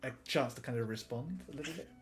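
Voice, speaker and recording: Gm guy wrapping up a tabletop stream, normal pitch, soft-spoken, bit of hiss behind. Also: fast talker. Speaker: game master. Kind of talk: narrating a tabletop game.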